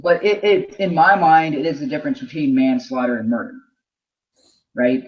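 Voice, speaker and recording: A man's voice: fairly high pitch, steady tone. Man reasoning aloud, lo-fi sound. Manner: measured, reasoning aloud with restarts. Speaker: podcast co-host. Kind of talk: casual discussion. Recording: dull lo-fi sound.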